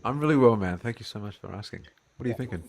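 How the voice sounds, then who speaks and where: A man with an Australian accent, a guest answering questions in a casual Q&A, joking easily and then explaining in a measured way over a video call. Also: fairly low pitch, animated. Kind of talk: casual Q&A conversation.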